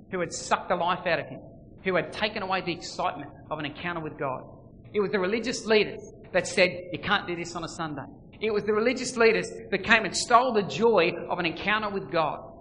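Aussie pastor preaching, bright punchy voice, lots of hall echo, goes loud then quiet. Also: male voice, sits high, a little fast, slight background noise. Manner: dramatic swings between loud emphasis and quiet. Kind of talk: sermon. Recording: long reverb, faint ambience.

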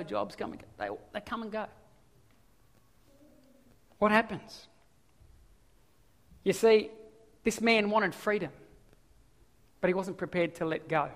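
An Australian man preaching a sermon as a pastor, telling stories in an animated way. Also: high voice. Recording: long hall reverb.

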